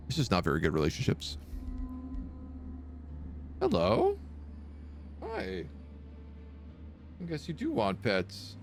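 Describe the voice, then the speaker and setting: A young man streaming a strategy game with casual, excitable live commentary. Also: mid-range voice, takes it slowly, vocal fry, long pauses, soft background music. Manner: casual, excitable, baby-talks to his cat.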